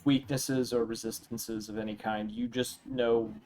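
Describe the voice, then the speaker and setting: A man's voice: medium pitch, flat delivery, unhurried, darkish tone. A man narrating as dungeon master in a tabletop game, hesitant and full of ums and uhs.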